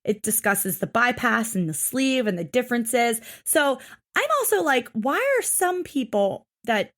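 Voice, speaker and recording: Young female podcast co-host with a higher voice, ranting casually and swearing freely. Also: lively intonation, measured pace, a bit bright. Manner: exasperated, profane ranting. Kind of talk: casual recap chat.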